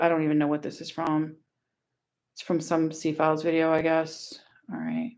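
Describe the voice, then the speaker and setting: A woman's voice: low-pitched, expressive, moderate pace, long pauses. Blunt, sarcastic woman from Louisiana. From Louisiana, USA. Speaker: online commentator. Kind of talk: casual vlog reading screenshots aloud.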